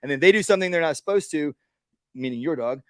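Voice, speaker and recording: Man, dog trainer, casual workshop talk, slightly high voice, dry sound. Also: expressive, quick pace, no room sound. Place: outdoors at a workshop.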